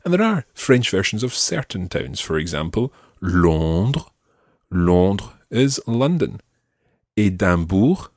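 A man teaching a French lesson, explaining and slowly modelling phrases for learners to repeat. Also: on the low side, sing-song, no room sound, studio quality. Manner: slow, careful modelling of phrases. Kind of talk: audio language lesson.

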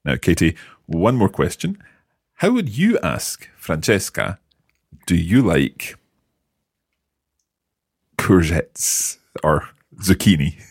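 A man's voice: deep voice, sing-song, takes it slowly, long pauses, slightly rough, dry recording, studio quality. A man teaching a language lesson, patiently asking questions and encouraging his students.

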